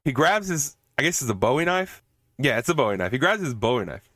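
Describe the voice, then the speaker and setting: A man's voice: mid-range voice, very animated, fast talker, pushed and bright, dry recording, studio quality. A man hosting a podcast, recapping a movie in a rambling, casual way, swearing often and laughing at it. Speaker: podcast host.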